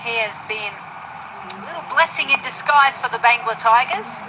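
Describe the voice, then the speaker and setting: A woman's voice: on the high side, animated, moderate pace, background noise. Analytical female cricket commentator. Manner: analytical, explains technique. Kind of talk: live sports commentary, analysis.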